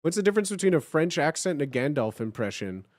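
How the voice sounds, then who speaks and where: A young livestream host chats casually with his viewers in a high, lively voice that leaps around wildly. He talks fast, swears freely, and laughs often, and the sound is close, dry and echo-free.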